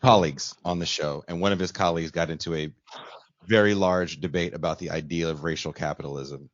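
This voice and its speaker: A man's voice: a bass voice, fairly even intonation, fairly quick, muffled recording, a little hiss or hum. A man hosting a podcast, blunt and dismissive in casual debate. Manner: blunt, dismissive one-word answers. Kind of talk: casual political discussion.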